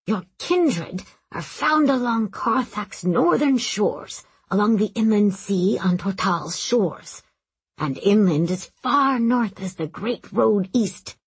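A woman voicing a tall, gentle old male master mage who is fond of animals, with a light, breathy voice and a soft, doting murmur. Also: medium pitch, lively intonation, takes it slowly, no echo, heavily acted. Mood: tender.

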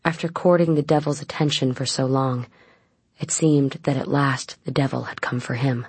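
Brief: audiobook narrator for a gothic tale, measured reading, gravelly texture, close and dry sound. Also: medium pitch, fairly even intonation, dry recording. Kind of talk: scripted narration.

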